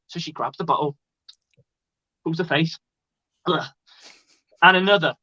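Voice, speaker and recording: A man's voice: fairly high pitch, moderate pace, long pauses, no room sound. Man on dull lo-fi line. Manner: animated storyteller, stammers on starts. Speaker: coach, co-host. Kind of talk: casual joke telling.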